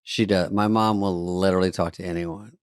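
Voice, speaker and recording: A man hosting a podcast, telling a funny story in a wry, rambling, self-deprecating way, with quick asides. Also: low voice, fairly even intonation, clear, resonant tone, dry recording, clean studio sound. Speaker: podcast host. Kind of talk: casual comedic storytelling.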